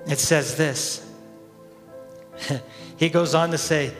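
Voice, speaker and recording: A man's voice: fairly high pitch, steady tone, takes it slowly, long pauses, big-room sound, soft background music. A man preaching a sermon as head pastor, telling the story with energy, acting out the crowd's voices and often chuckling.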